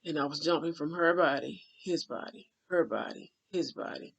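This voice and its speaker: Husky, emotional man recounting a dream. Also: fairly high pitch, normal speed. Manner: emotional, rambling, with frequent fillers and hushed asides. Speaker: dream channeler. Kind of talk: casual spoken dream recounting.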